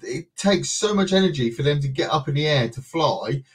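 A man's voice: fairly high pitch, expressive, brisk, breathy edge. A man guest in casual chat, rambling a little and restarting as he retells what someone told him.

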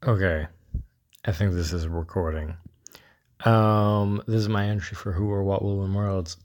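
Low, slow, cocky man. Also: fairly even intonation, a little mellow. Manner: cocky, swearing, lots of ums. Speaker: caller. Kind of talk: recorded voice message.

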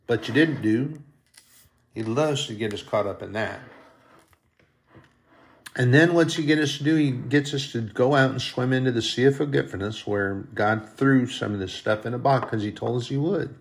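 A male pastor delivers a sermon with a gravelly edge to his mid-pitched voice. He talks earnestly and leans on repeated phrases to drive each point home. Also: a little slow. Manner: earnest, repetitive preaching cadence.

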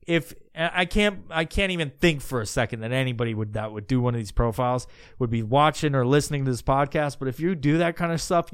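A man's voice: mid-range voice, a little fast, smooth, dry recording, studio quality. A man hosting a podcast, ranting crudely and heatedly, breaking into mocking impressions. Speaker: podcast host. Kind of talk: profane comedic rant.

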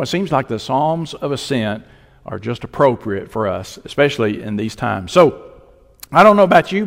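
A man preaching a sermon as pastor, emphatic, with dramatic pauses. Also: fairly high pitch, long reverb tail.

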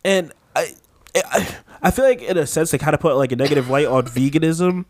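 A man's voice: fairly high pitch, expressive, brisk, a little mellow, no room sound, clean studio sound. A man co-hosting a home podcast, chatting casually and rambling, filling his speech with "like". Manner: rambling, heavy use of "like". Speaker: podcast co-host. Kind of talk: casual chat. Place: home room with a window AC unit.

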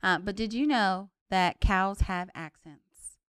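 Casting: woman co-host, playful, hesitant, smooth clear voice, dry close sound. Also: medium pitch, takes it slowly, a bit bright, no room sound. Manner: playful, hesitant with many fillers. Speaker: podcast co-host. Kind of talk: casual chat.

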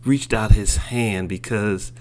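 Slow, deliberate male preacher. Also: lowish voice, fairly even intonation, slight background noise. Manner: slow, deliberate with repeated phrases. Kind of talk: sermon.

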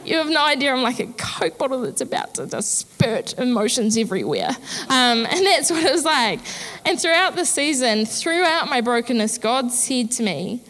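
A woman's voice: high voice, big pitch swings, moderate pace, a bit bright, in a large hall. Candid woman pastor preaching. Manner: candid, chatty, self-deprecating humor. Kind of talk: sermon.

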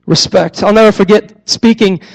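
A young man with a strikingly high voice preaches a sermon. He repeats his key phrases to drive them home and slips into animated, acted-out voices when he tells a story. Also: moderate pace, gravelly, poor audio. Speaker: youth pastor.

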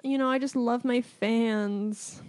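A woman's voice: on the high side, steady tone, takes it slowly, darkish tone. A woman co-hosting a podcast, chatting casually in a rambling, giggly, self-mocking way. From Canada. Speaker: podcast co-host. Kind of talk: casual chat.

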